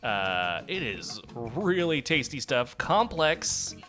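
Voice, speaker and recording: A man's voice: mid-range voice, sing-song, slow, over music. A man co-hosting a casual podcast chat, rambling and self-mocking with frequent laughs, recorded on a podcast microphone. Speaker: podcast co-host.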